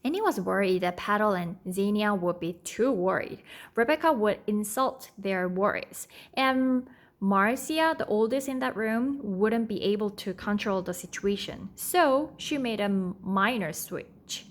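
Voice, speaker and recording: A woman, a native Korean speaker, reading a children's book aloud at an unhurried pace, stopping to explain and sometimes stumbling. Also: mid-range voice, lively intonation. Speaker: read-aloud tutor. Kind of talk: storybook read-aloud with explanations.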